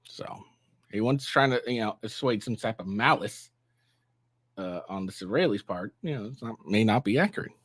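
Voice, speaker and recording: A man's voice: fairly low pitch, lively intonation, normal speed, fairly bright tone, slightly rough, dry recording. A man giving casual reaction commentary on his vlog, rambling with fillers and sarcastic asides. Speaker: commentary vlogger.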